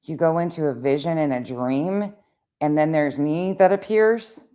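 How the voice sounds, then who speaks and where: Blunt sarcastic woman, swears a lot, kinda low voice, reacting to clips. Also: a little slow, dark tone, clear, resonant tone. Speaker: commentary channel host. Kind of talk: reaction commentary.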